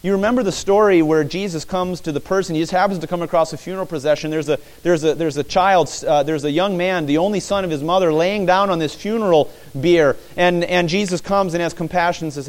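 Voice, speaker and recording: A man's voice: a little high, fast, few pauses. A man preaching a sermon, retelling a scripture story vividly, asking listeners to picture the scene and repeating phrases for emphasis.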